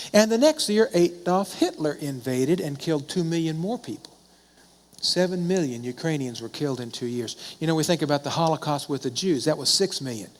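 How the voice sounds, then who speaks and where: Man preaching conversationally in a reverberant hall. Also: a little high. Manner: conversational storytelling, asks and answers his own questions. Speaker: pastor. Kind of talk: sermon. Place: church sanctuary.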